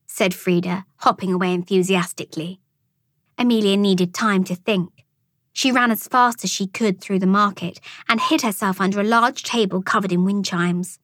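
A woman reading a children's storybook aloud as an audiobook narrator, with expressive storytelling. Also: medium pitch, moderate pace, dry recording, clean studio sound. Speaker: audiobook reader.

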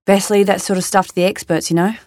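A woman's voice: mid-range voice, level tone, quick pace, a little mellow, dry recording, clean studio sound, close to an everyday voice. A woman voicing a laid-back Australian male paramedic who talks in a casual, matter-of-fact way. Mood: offhand.

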